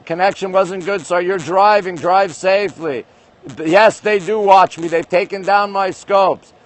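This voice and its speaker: A man from Canada hosting a casual phone livestream outdoors at night, chatting and greeting viewers by name. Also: sits high. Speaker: livestream host. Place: outdoors at night overlooking city skyline.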